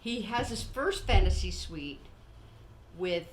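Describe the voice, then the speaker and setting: Speaking slowly in a lowish voice, an older podcast host tells stories in a relaxed chat, performing people's quotes and laughing frequently. A little hiss or hum runs through the recording.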